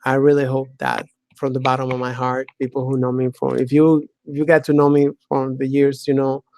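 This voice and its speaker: A woman's voice: extremely low pitch, flat delivery, fairly quick, a little mellow, dry recording. A woman hosting her own talk show, delivering a blunt, sardonic monologue, cursing freely and laughing often. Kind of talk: casual monologue.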